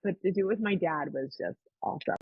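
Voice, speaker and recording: Speaking fast in a husky, lowish voice, a female podcast host tells a personal story in relaxed conversation, performing the quoted voices with animation. There's no room sound, and the audio is lo-fi.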